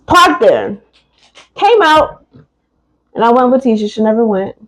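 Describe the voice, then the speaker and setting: A woman's voice: a little high, measured pace, poor audio. A woman co-hosting a casual chat, telling a story and acting out every quote. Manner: animated storyteller, acts out quotes. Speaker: podcast co-host.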